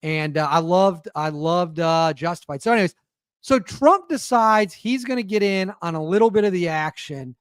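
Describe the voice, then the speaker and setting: The host's high male voice is clear and resonant, delivered at a moderate pace in clean studio sound without echo. On his own podcast he rambles sarcastically in casual commentary, regularly interrupting himself mid-sentence.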